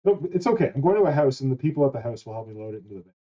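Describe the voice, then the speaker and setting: A man's voice: medium pitch, big pitch swings, rapid-fire, mellow. A man hosting a casual online chat, rambling and swearing casually. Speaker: host. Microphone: wrong mic. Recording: dull lo-fi mic.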